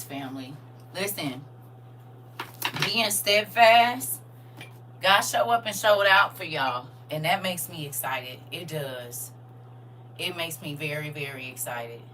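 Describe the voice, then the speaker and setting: Excitable woman live-streaming. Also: low-pitched, slight background noise, low-quality recording. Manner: excitable, chatty, talks straight to viewers. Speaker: livestream host. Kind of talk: casual live-stream chat.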